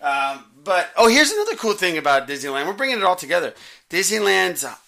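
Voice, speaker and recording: A young podcast co-host rambles and cracks jokes in casual chat, telling stories as he goes. His high voice is sing-song, fast, pushed, and bright.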